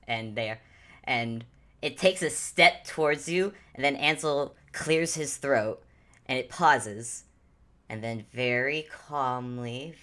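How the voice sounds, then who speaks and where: A woman narrating a tabletop game as game master, with animated, descriptive storytelling. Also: very deep voice. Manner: animated, descriptive, self-correcting.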